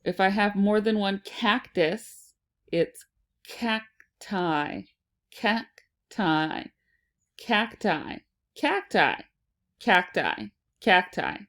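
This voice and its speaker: Woman teacher, phonics lesson for kids, very slow deliberate pace, repeats each word. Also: medium pitch, expressive, a bit bright.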